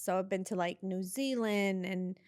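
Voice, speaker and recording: A woman guest telling stories in a casual interview, animated and often laughing as she acts out what people said. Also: mid-range voice, moderate pace, clear, resonant tone, no room sound, clean studio sound. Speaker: guest, reality TV producer.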